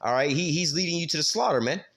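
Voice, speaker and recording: A man's voice: on the high side, expressive, fast, fairly bright tone. A man teaching a Bible passage in a loose, conversational way, full of street slang, filler words and casual cursing. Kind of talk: informal scripture teaching.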